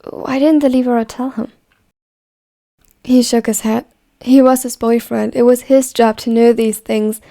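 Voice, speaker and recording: A woman narrating a fan story in an even, measured reading voice. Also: a little high, vocal fry.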